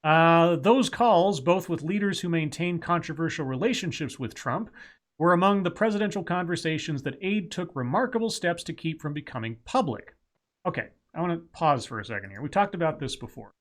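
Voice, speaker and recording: Rambling male stream co-host, higher voice. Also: expressive, fairly quick. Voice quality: rambling, frequent restarts. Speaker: co-host of a news talk stream. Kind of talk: casual political chat.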